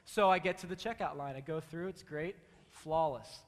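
High-voiced preacher in an echoing hall. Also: male voice, moderate pace, few pauses. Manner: animated, conversational storytelling with acted-out quotes. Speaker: pastor. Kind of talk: storytelling sermon.

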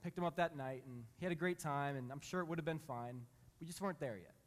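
A man in his thirties or forties preaching a sermon. He reads scripture slowly, then tells a candid, self-mocking story about his family. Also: a little high. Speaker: pastor. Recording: long reverb in a big hall.

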